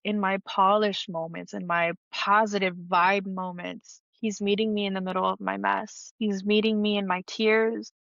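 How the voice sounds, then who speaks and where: A woman's voice: mid-range voice, a bit bright, no room sound. A woman hosting a faith-based podcast, speaking earnestly and vulnerably about her struggles, close to tears at times. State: emotional, near tears. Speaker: podcast host. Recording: dull, dry lo-fi audio.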